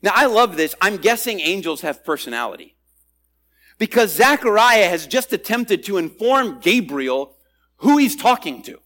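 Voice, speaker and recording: Expressive high-voiced male pastor preaching. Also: moderate pace. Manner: expressive, swings between loud emphasis and quiet asides. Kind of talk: sermon.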